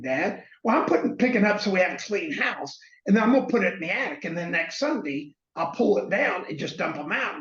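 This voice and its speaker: Middle-aged guy, high voice, telling stories with lots of voices, roomy echo, kinda dull audio. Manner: animated anecdote teller, acts out quoted voices. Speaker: guest. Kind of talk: storytelling in conversation. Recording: echoey, slightly dull sound.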